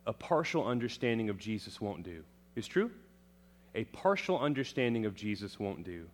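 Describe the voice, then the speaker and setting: A man preaching a sermon, asking the congregation questions and swinging from quiet low lines to loud emphatic proclamations. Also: big pitch swings, normal speed. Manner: dramatic, rising to loud emphatic proclamations then dropping low; asks the congregation questions and answers them.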